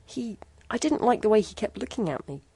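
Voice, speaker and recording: A woman's voice: medium pitch, sing-song, fairly quick, creaky, mellow, husky, no echo, voice pushed up, full character voice. A woman voicing a frightened, tearful young woman who speaks in an anxious, trembling way. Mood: uneasy.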